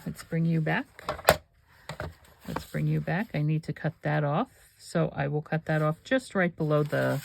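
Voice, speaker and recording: A woman's voice: sits low, creaky, slight background noise. A woman hosting a crafting video, chatting and thinking aloud with rambling asides while she works. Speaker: crafting channel host.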